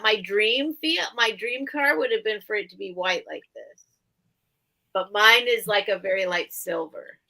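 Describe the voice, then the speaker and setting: A woman hosting a live online sale, chatting excitably and teasing herself. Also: fairly high pitch, creaky, rough recording. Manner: chatty, excitable, self-mocking. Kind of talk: casual live-sale chat.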